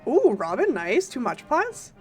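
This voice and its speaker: An excitable woman streams a game and keeps up a playful chatter with her viewers. Her voice sits a bit high and leaps up and down as she teases them, and soft music plays underneath. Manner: playful and excitable, greeting chat, quick bursts of teasing. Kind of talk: casual live-stream chat with viewers.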